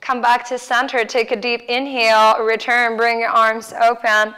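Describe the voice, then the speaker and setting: A woman with a Mexican Spanish accent, guiding a yoga class with calm, slow cues for breath and poses. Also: on the high side, clear, resonant tone. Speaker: yoga instructor. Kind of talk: guided yoga class instruction.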